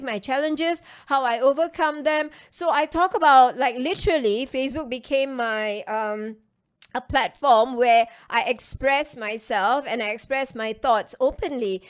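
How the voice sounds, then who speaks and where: Woman, Singaporean English accent, high-pitched, chatty, emphatic, online business coach. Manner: emphatic, chatty, repeats phrases for stress. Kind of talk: casual coaching talk to an online class.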